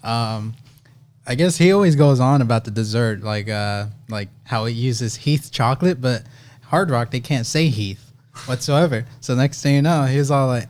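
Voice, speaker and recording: A man's voice: medium pitch, normal speed, darkish tone. A young man co-hosting a casual podcast who rambles through his stories with lots of fillers. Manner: rambling, filler-heavy storytelling. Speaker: podcast co-host. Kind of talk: casual chat.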